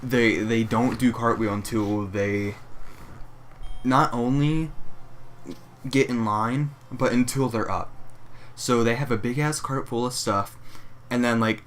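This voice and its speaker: A man's voice: medium pitch, fairly even intonation, takes it slowly, long pauses. A young man co-hosting a casual chat, ranting profanely about customers and acting them out in mock voices. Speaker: co-host. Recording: faint background noise.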